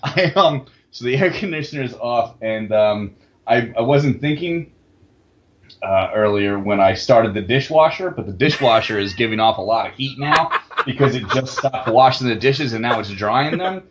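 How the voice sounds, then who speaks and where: A man's voice: medium pitch, animated, moderate pace. A man co-hosting a casual podcast, rambling through crude jokes and laughing often. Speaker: podcast co-host. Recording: dull lo-fi mic with faint hiss.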